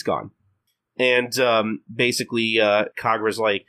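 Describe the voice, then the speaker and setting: Young male podcast guest, bright and forward tone, halting delivery full of restarts. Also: on the low side, little pitch movement. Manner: hesitant, repeats words and restarts often. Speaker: podcast guest, fan translator. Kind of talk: casual podcast chat.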